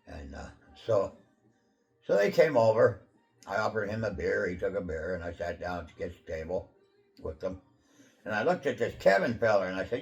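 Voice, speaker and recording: Gravelly low-voiced man telling his story. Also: animated, fairly quick, lo-fi sound. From Pacific Northwest of the USA. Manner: rambling, many fillers and throat clearing. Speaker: channel host telling his life testimony. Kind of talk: casual personal storytelling.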